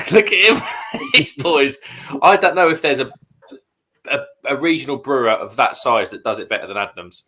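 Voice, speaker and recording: A man's voice: medium pitch, normal speed, pushed and bright. A man co-hosting a casual livestream, talking eagerly and with strong opinions about beer. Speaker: livestream co-host. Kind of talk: casual chat over a beer.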